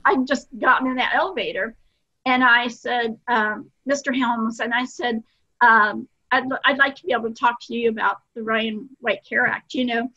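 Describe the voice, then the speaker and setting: Older woman, interview guest; earnest, self-deprecating storyteller, bright tone, lo-fi sound. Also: on the high side, fairly even intonation, normal speed.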